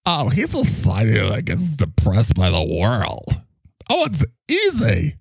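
A man's voice: on the low side, huge pitch swings, slow pace, creaky, husky, no echo, full character voice. A man voicing a talking microphone, a dramatic and self-pitying co-host who lectures him. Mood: lecturing.

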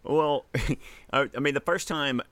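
A man's voice: fairly high pitch, unhurried, no room sound. A man from Mississippi, hosting a casual chat and telling stories with lots of laughter and acted-out quotes. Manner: animated storyteller, laughs often, acts out quotes.

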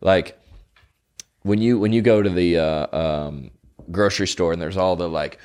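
A man's voice: sits low, normal speed, a little mellow. A young man hosting a podcast, telling rambling stories in casual chat with lots of fillers and mock voices. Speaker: podcast host.

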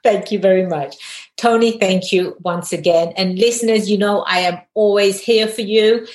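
A woman's voice: mid-range voice, fairly even intonation, moderate pace. A woman hosting a podcast interview in an upbeat way, laughing often. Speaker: podcast host and attorney. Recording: roomy echo.

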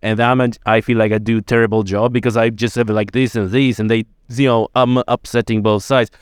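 Chatty male podcast host, smooth and dry. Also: on the low side, little pitch movement, fairly quick, dry recording. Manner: chatty, with many likes and run-on asides. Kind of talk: conversational interview.

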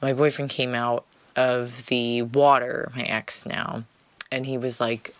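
Woman, gravelly voice, dry close sound, chatty storyteller, casual monologue. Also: a bass voice, level tone, a little slow, fairly bright tone, dry recording. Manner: chatty, frequent "like" fillers.

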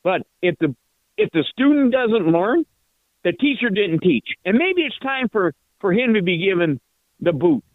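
A man's voice: high-pitched, very animated, moderate pace, dry recording. An older man calling in to a sports radio show, ranting in frustration and tripping over repeated words. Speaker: radio call-in listener. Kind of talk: angry fan phone call. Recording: tinny phone line.

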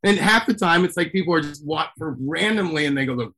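A man chatting casually as a guest, telling stories in an animated way with lots of fillers and the odd swear word. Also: a little high, a little fast. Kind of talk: casual chat.

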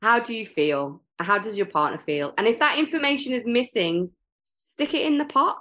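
A woman's voice: a little high, lively intonation, normal speed, pushed and bright. A middle-aged woman, an improv teacher, talking casually and animatedly as a podcast guest, with many fillers and restarts.

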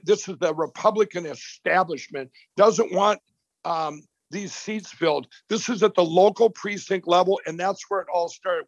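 A man's voice: high-pitched, no echo, dull audio. A man, a company boss interviewed as a guest, talking in a rambling way with many restarts and repeated words. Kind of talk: animated call-in interview.

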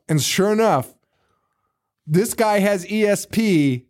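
A male podcast co-host recapping a film in casual chat, laughing often, swearing and acting out characters in quick voices. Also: high-pitched, darkish tone.

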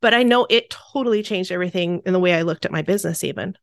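Quick, chatty female podcast host. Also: fairly low pitch, creaky, no room sound. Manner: quick, chatty, with frequent short agreements. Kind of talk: casual conversation.

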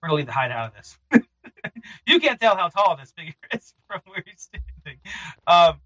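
A man narrating as game master for a tabletop game, relaxed and halting, with lots of fillers. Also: high voice, slightly rough. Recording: muffled lo-fi recording.

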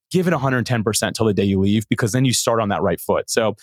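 A middle-aged man, a podcast guest, telling a story in an animated, earnest way with many restarts. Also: on the low side, quick pace, no room sound. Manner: animated, earnest, frequent repeated starts. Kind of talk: conversational storytelling.

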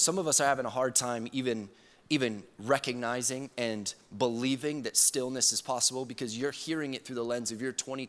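Earnest preacher in a reverberant hall. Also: male voice, medium pitch. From Georgia, US. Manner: earnest, swings from loud emphasis to soft, slow near-whispers. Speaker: pastor. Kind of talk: sermon.

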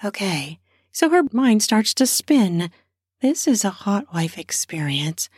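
A woman's voice: medium pitch, takes it slowly, slightly rough, no room sound, studio quality. Woman improvising an erotic story. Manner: lively, spontaneous, conversational.

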